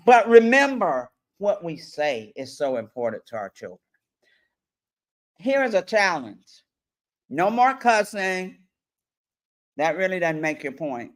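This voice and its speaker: A woman coach giving a lively workshop presentation to parents, addressing the audience directly and often checking in with them. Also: low voice. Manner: animated, acts out parents and children in quick voices; addresses audience directly with frequent "all right".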